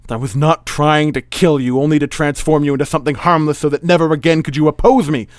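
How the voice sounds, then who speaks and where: Casting: a man putting on a haughty Scottish-accented evil wizard, lecturing, a bit raised and loud, dry room. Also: on the high side, steady tone, fast talker, no echo, voice pushed up, lightly acted. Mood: lordly. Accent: Scottish, Sean Connery style. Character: haughty evil male magician, calm and lordly.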